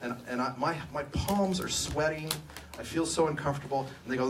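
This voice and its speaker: A man's voice: on the high side, fairly quick, slight background noise. A middle-aged man from California, co-owner of an engineering firm, telling personal stories with self-deprecating humor in a conference talk. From Sacramento, California. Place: event room at a live talk. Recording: distant mic, faint room ambience.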